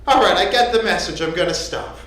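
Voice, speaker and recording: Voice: medium pitch, animated, a little fast, a bit bright, far from the mic, pitched below the performer's own voice, close to an everyday voice. A rabbi voicing a cheeky pet parrot in a joke told from the pulpit, in an echoey sanctuary. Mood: sly.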